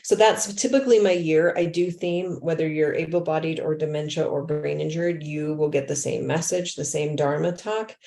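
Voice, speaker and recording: Woman yoga teacher chatting to other teachers, mellow lowish voice, roomy echo. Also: normal speed, gravelly, hardly any pauses. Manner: warm, acts out her talks with students, drops to a whisper. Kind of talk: casual talk to fellow teachers.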